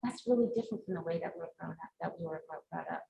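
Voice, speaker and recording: A woman's voice: on the low side, very fast, vocal fry, dark tone, dull audio. A woman speaker and career coach giving a live talk and answering audience questions in an earnest, emphatic way. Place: event room before a live audience. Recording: echoey room, faint noise.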